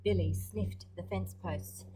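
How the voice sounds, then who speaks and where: A woman's voice: on the low side, background noise. An Australian woman reading a picture book aloud to children, stopping to comment and ask questions. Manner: expressive, pauses to comment and ask the listener questions. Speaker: storyteller.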